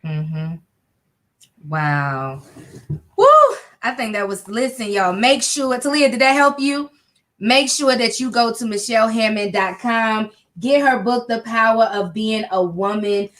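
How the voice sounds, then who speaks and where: A woman's voice: on the high side, a little slow, fairly bright tone. A woman in her thirties hosting a casual chat on a video call, effusive and emotional, with slangy talk. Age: 30s. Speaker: host.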